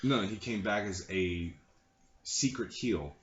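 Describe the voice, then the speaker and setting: A man co-hosting a casual podcast chat. He is emphatic, quick to correct the others, and swears casually. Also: on the low side. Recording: roomy, muffled recording with faint hiss.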